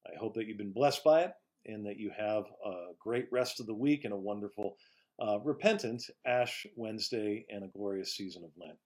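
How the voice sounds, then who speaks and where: A man pastor giving a slow, emphatic devotional sermon, rising to stress key words and dropping softly at phrase ends. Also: lowish voice.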